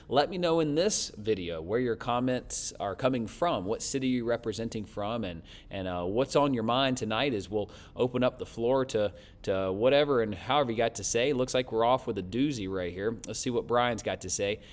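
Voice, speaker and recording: A man forecasting the weather and chatting warmly as he reads out viewer comments. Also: mid-range voice. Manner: friendly, chatty, thanks viewers often.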